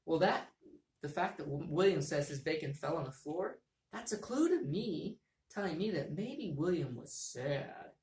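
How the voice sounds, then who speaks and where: A woman's voice: low voice, animated, normal speed, darkish tone. A woman teacher giving a reading lesson to young students, explaining patiently and repeating key points. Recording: echoey room.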